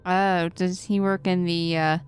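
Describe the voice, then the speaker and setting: A woman with a clear, smooth voice plays a tabletop game. She chats about her character and inventory in a giggly, talkative way. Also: fairly low pitch, little pitch movement, a little slow, soft background music. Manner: chatty and giggly player. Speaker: player.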